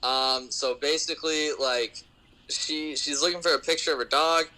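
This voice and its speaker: A man's voice: a little high, fairly even intonation, normal speed, noisy background. A man, a podcast guest who sells cars, telling a rambling story in a laid-back, chuckling way. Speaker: podcast guest, car salesman. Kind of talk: casual storytelling.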